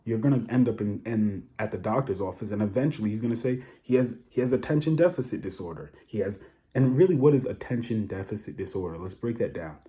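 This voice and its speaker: A man's voice: fairly low pitch, animated, quick pace, few pauses, mellow. A man talking casually to camera, giving blunt opinions with a lot of repetition and rhetorical asides. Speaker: vlogger.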